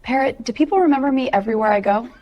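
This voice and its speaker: A woman's voice: fairly high pitch, rapid-fire, dull audio, soft background music. A woman in a comedy skit, laughing and sounding exasperated. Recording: loud background noise.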